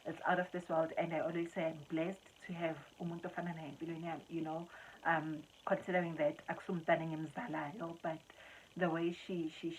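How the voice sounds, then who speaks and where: A young South African vlogger with a voice on the low side chats casually through a story-time vlog, switching between English and isiZulu mid-sentence. The audio is poor, with a little hiss or hum.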